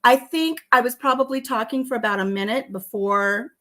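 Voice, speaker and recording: A woman's voice: a little high, moderate pace, fairly bright tone. A woman hosting a casual home vlog, chatting and telling stories with a lot of laughter. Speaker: vlog host. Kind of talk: casual chat while tasting tea.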